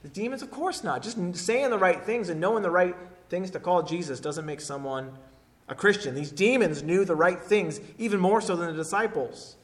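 A man delivering a sermon with a slightly high voice. He drops to hushed, quiet phrases and then rises into loud, emphatic statements. His delivery is passionate and deliberate. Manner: preaching with swings from hushed to forceful. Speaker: pastor.

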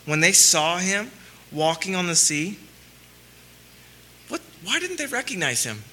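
A man preaching a sermon, asking rhetorical questions and swinging between loud emphasis and quiet, low lines. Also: sing-song, unhurried, a little hiss or hum. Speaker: pastor.

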